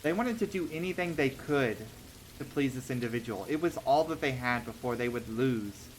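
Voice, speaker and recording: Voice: mid-range voice, lively intonation, normal speed, slight background noise. A streamer telling short stories on a casual livestream, hesitant with many ums and restarts, laughing between thoughts.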